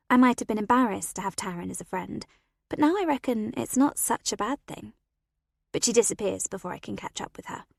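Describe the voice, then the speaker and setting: A woman narrating a first-person story as an audiobook reader, expressive and animated, on a close studio mic. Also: medium pitch, gravelly, no echo.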